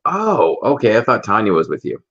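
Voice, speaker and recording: A man's voice: fairly low pitch, huge pitch swings, a little fast, fairly bright tone, muffled recording. A man hosting a casual livestream chat, reading out viewer comments and greeting viewers by name. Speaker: livestream host.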